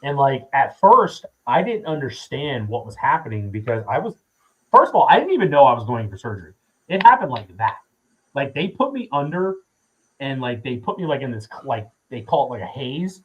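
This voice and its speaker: A man in his thirties with a husky, slightly breathy voice, sitting in as a podcast guest. He tells a long story in a loose, rambling way, full of fillers and casual swearing. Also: mid-range voice, very animated, normal speed, dull audio. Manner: profane, rambling with many fillers.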